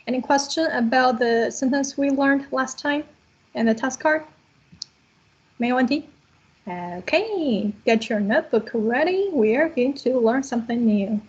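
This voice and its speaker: A woman teaches an online language class in a high, slightly husky voice, taking her time and checking in with students after each point. The video call audio is muffled and lo-fi. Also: measured pace, a little mellow. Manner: patient, explains step by step with many okays.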